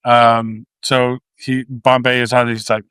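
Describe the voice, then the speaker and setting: A man's voice: mid-range voice, level tone, slow pace, fairly bright tone, clean tone, no room sound. A man from Canada co-hosting a casual movie podcast, recapping the plot bluntly and swearing freely. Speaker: podcast co-host.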